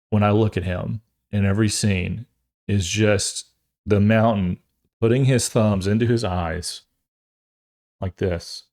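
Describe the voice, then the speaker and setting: A young adult man hosting a podcast, chatting casually and rambling, jokey and animated, often restarting his sentences. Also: on the low side. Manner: animated, acts out quotes in funny voices. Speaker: podcast host. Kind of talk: casual chat.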